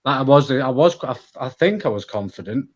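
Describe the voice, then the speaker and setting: A man with a Manchester accent talks casually as a podcast guest, rambling and relaxed. His voice sits at an ordinary pitch. The audio is slightly dull and lo-fi. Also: brisk. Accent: Mancunian. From England. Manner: chatty, talks about himself in a relaxed, rambling way. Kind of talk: casual conversation.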